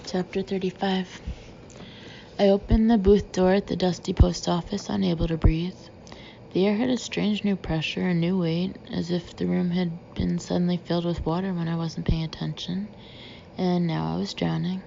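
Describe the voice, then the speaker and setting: Woman narrator, first-person audiobook, flat low delivery, gravelly. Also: moderate pace, lo-fi sound, a little hiss or hum.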